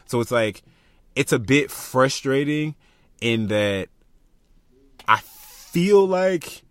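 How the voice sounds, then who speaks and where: A young man from Florida, co-hosting a podcast in casual chat, passionate and animated, thinking aloud with lots of fillers. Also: fairly low pitch, no room sound. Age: young adult. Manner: passionate, animated, talks through ideas with many fillers. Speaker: podcast co-host.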